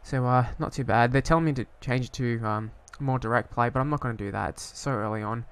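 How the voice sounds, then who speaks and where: A man's voice: medium pitch, fast talker, smooth. A young man casually commentating on his own football management game, rambling and hesitant, breaking into sweary frustration. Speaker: gaming YouTuber.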